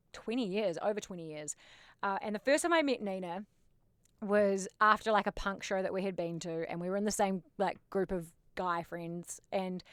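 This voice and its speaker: A woman's voice: medium pitch, smooth, no room sound, clean studio sound. A woman, hosting a podcast in a bubbly, chatty way, full of "like". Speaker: podcast host. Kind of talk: casual chat.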